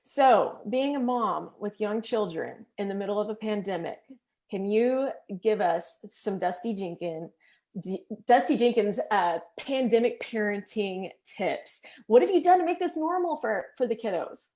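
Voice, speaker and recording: A woman's voice: mid-range voice, expressive, unhurried, mellow. Enthusiastic woman hosting an interview. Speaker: interview host. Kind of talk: casual interview over video call.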